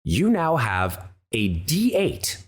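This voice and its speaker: A male dungeon master narrating a tabletop game. His pitch moves lively up and down as he describes each scene and calls for checks. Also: takes it slowly, breathy edge.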